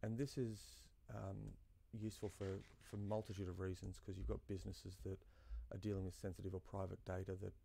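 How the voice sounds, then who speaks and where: A man's voice: low-pitched, flat delivery, fairly quick, creaky, hardly any pauses, mellow, husky. A man giving casual, rambling commentary while playing a game, with many fillers and asides to himself. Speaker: gaming YouTuber. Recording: faint game music behind.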